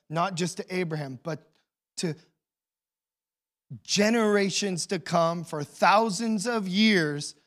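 A man preaching a sermon as pastor, telling the story with swings between hushed and loud emotional delivery. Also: sits high.

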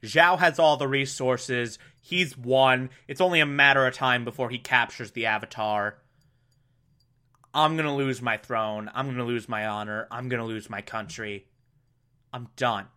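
A man doing a sulky young cartoon prince who has given up, speaking low and glum. His resigned lines come quietly and slowly, with a bitter edge. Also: clear, resonant tone. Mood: defeated.

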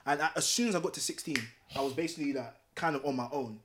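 A man's voice: fairly high pitch, very fast, a bit bright, a little hiss or hum. A young man, earnestly telling a personal story in a casual group chat.

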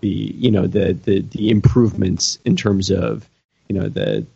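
A man with a deep, dark, rough-edged voice talks through his ideas on a podcast. He hedges and circles back, filling pauses with fillers as he searches for words. The audio is a little dull and muffled. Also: fairly even intonation. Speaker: podcast panelist answering listener questions. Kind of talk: casual podcast discussion.

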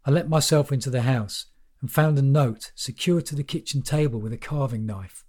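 A man's voice: mid-range voice, normal speed, a little mellow. Man narrating a wry first-person story. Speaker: audiobook narrator.

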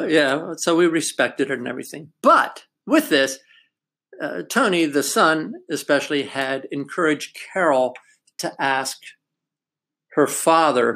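A man's voice: mid-range voice, creaky, fairly bright tone. An older man in casual chat, telling a family story in a reflective way and laughing now and then.

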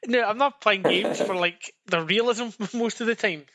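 A young man with a high, bright voice talks in loose, rambling fashion. He swears freely and breaks into laughter often, co-hosting a casual chat show. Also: normal speed. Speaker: podcast co-host.

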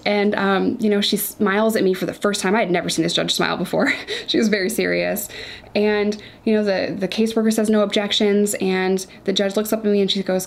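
A woman's voice: medium pitch, fairly even intonation, brisk, creaky. A woman in her thirties, a guest telling her own story candidly and vividly in an interview. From Chicago suburbs. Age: 30s. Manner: candid, vivid retelling with quoted thoughts.

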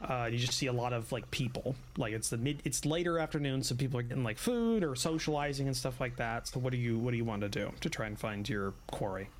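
A man's voice: mid-range voice, fast, hardly any pauses, slight background noise. A man running a tabletop game as game master, rambling with many fillers and laughs.

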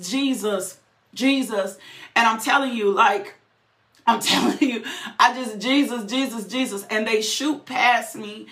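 A woman's voice: on the high side, fairly bright tone. A woman giving a fervent, emotional personal testimony, repeating phrases and breaking into laughter. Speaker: testifying believer. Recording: roomy echo.

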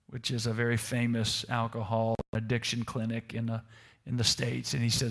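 A man's voice: mid-range voice, steady tone, unhurried, pushed and bright. A male pastor preaching a sermon to a congregation in Italy. He tells a personal story and keeps asking the room rhetorical questions. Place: church service in Italy.

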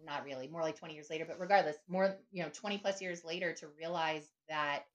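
A middle-aged woman with a slightly low voice talks as a podcast guest. She speaks in a reflective, conversational way, often adding "right?" and "you know". Her tone stays open and personal. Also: fast talker, lo-fi sound. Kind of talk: conversational interview.

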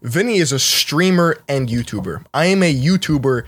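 A woman's voice: low voice, expressive, moderate pace, breathy edge. A young woman co-hosting a podcast, teasing and blunt with plenty of slang. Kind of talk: casual podcast banter.

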